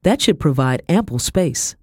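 A man's voice: a little high, sing-song, measured pace, slightly rough, no room sound, clean studio sound, exaggerated voice. A man voicing a smug, wealthy merchant hosting a dinner, in an audiobook.

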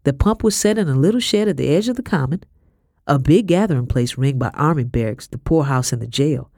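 A woman narrating an audiobook in a measured, expressive reading style. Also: low voice, no room sound. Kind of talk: scripted narration. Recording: dry close audiobook recording.

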